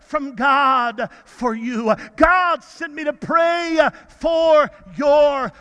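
A woman's voice: high-pitched, very slow, fairly bright tone, in a large hall, voice pushed up, full character voice. A man in a church sermon voicing a woman hospital cleaner who speaks urgently and emphatically.

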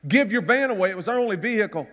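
High-voiced preacher in a reverberant church. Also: male voice, lively intonation, rapid-fire, a bit bright. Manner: impassioned, preacherly storytelling. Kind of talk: sermon. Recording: long reverb from a hall.

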